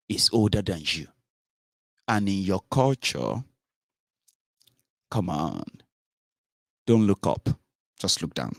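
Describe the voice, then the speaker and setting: A man with a Nigerian accent, giving an animated, casual monologue as a political commentator. He slips into Pidgin and Yoruba phrases. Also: lowish voice, dry recording, studio quality.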